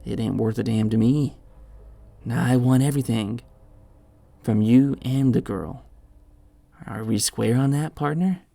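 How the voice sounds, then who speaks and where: A man voicing a cruel, monstrous male creature who speaks in a slow, raspy, diseased Texas drawl. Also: medium pitch, dark tone, no echo. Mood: menacing drawl.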